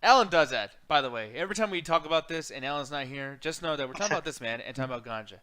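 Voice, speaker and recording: Bright-voiced, worn-out wrestling co-host man. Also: a little high, animated, rapid-fire, slight background noise. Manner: tired, swearing, loose. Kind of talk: casual chat.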